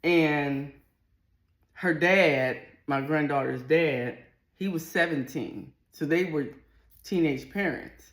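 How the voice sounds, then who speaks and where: A woman's voice: sits low, slow. A middle-aged woman, telling a personal story to camera in a candid, earthy, blunt way. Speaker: vlogger. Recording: echoey room.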